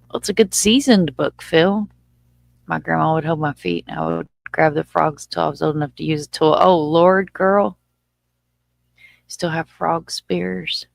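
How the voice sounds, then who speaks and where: A Southern woman hosts a laid-back livestream, talking in a chatty, folksy way and answering viewers. Her voice has a gravelly, fried edge. The sound is dry and close, with no room echo. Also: sits low. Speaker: livestream host. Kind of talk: casual livestream chat.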